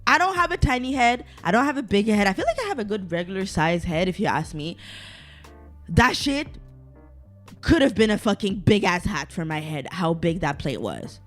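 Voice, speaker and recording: A woman's voice: mid-range voice, sing-song, normal speed, faint music behind. A young adult woman hosting her own podcast, ranting casually with lots of swearing and side tangents. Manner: swears a lot, ranty and digressive; exasperated, exaggerated complaining. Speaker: podcast host. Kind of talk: casual solo podcast rant.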